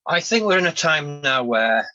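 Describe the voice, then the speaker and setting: A man's voice: fairly high pitch, very animated, moderate pace, sharp tone, dull audio, faint music behind. A man hosting a podcast, talking reflectively and hesitantly about his own feelings. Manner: reflective, hesitant, many restarts. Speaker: podcast host. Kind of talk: candid casual chat.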